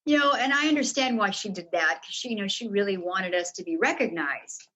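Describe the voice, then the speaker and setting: An older woman speaks candidly as a podcast guest, telling a personal story in plain, direct words. She voices the people she quotes as she goes, and her pitch sits in an ordinary middle range for a woman. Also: animated, fairly quick, pushed and bright, muffled recording. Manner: earnest, frank storyteller who acts out quoted dialogue.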